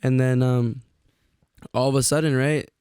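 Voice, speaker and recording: A young man co-hosting a podcast, telling stories in a casual, profane, animated way and acting out the quotes. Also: mid-range voice, normal speed, clear, resonant tone, no echo, studio quality. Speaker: podcast co-host. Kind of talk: casual storytelling chat.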